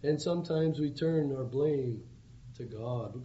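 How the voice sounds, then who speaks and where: A man's voice: medium pitch, slow, mellow. A man preaching an evangelistic sermon, with earnest, pleading appeals. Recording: dull lo-fi recording with faint background hum.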